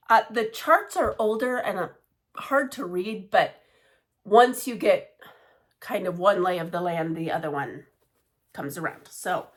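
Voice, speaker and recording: A woman casually chatting about her cross-stitch projects, rambling with many fillers and side remarks. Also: mid-range voice. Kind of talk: casual show-and-tell chat.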